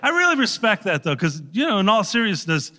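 A man, an actor guest, telling an animated anecdote on a talk show, laughing and swearing now and then. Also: high-pitched, fairly quick, long reverb tail.

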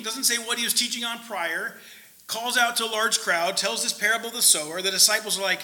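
A man preaching a conversational sermon, often checking in with his listeners and moving between loud emphasis and quiet asides. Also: high voice, fairly quick, poor audio.

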